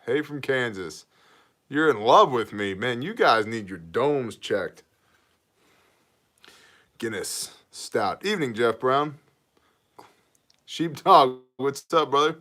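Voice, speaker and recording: A man's voice: takes it slowly, pauses often. Joking male livestream host. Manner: greets chat viewers by name, joking and loose; energetic pitch for mission donations. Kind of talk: casual livestream chat.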